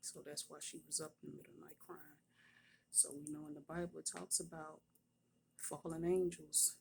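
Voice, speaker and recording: A woman, a prophetess, telling a personal testimony in a hushed, partly whispered voice while at her workplace. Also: deep voice, flat delivery, moderate pace, creaky, noisy background.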